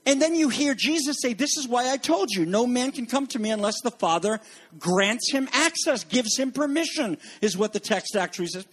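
A man's voice: extremely high pitch, normal speed. A middle-aged man preaching a sermon as pastor, acting out quoted voices as he goes. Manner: animated, acts out quoted voices.

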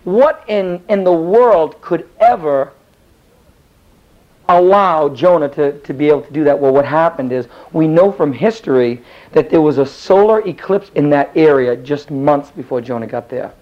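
A man's voice: on the high side, moderate pace. A man teaching a Bible class in a casual, rambling storytelling style, acting out the characters as he goes. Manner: rambling, animated, acts out the characters. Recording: dull lo-fi recording.

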